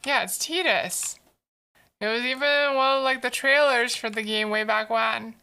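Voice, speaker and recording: A woman's voice: on the high side, a little slow, bright, forceful tone. A woman streamer chatting casually while she draws, answering chat messages aloud in a playful, teasing way.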